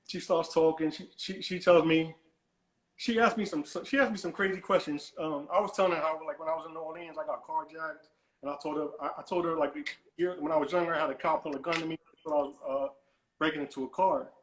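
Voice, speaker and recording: A man's voice: a little high, steady tone, fast talker, echoey room, poor audio. A man calling in to a talk show, telling a long story in a rambling way, repeating and restarting his words and brushing things off. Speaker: caller. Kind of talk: animated storytelling on a call-in show.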